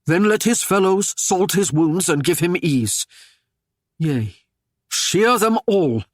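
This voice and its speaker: A man's voice: high voice, lively intonation, takes it slowly, no room sound, clean studio sound, heavily acted. A man voicing a stern, commanding Norman warlord who speaks in harsh, old-fashioned phrases. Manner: harsh, commanding, archaic speech.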